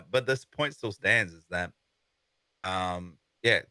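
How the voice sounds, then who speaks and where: A man's voice: sits low, expressive, slow, bright, forceful tone, no echo. A man co-hosting a gaming podcast in casual chat, rambling on with lots of "you know" and restarts. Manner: rambling, many fillers and restarts. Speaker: podcast co-host.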